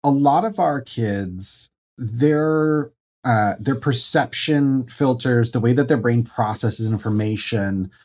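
A man co-hosting a parenting podcast, telling family stories in a casual, lively way. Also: medium pitch, slow. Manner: storytelling, lively, hesitant with fillers. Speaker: podcast co-host.

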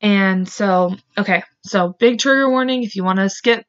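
A woman's voice: medium pitch, normal speed, clean tone. A woman hosting a podcast, casually retelling a true-crime case, full of "like" fillers and swearing when angry. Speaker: podcast host. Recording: dull lo-fi recording.

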